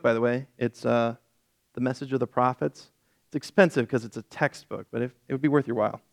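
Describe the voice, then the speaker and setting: Man preaching a Bible sermon. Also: medium pitch. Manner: expository Bible teaching, acting out a petulant prophet in quotes. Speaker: pastor.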